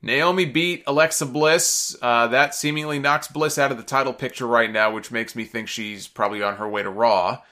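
A man's voice: mid-range voice, moderate pace, few pauses, sharp tone. A man hosting a podcast, giving a casual, opinionated recap in a chatty way with frequent fillers. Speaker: wrestling recap podcast host.

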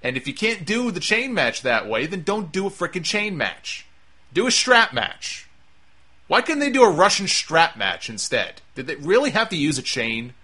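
Bright-voiced opinionated man, casual talk. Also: a little high, sing-song, moderate pace, few pauses, breathy edge. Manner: opinionated, emphatic, rambling with restarts. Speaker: wrestling commentator.

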